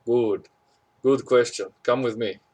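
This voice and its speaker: A man voicing a booming older male museum egg collector who explains things slowly and repeats his words. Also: darkish tone, slightly rough. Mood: instructive.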